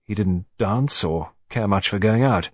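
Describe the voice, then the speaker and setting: A man voicing a bluff middle-aged naval commander in an audiobook, talking bluntly and emphatically in a slightly husky voice. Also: on the low side, unhurried, darkish tone, no echo, clean studio sound. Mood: musing.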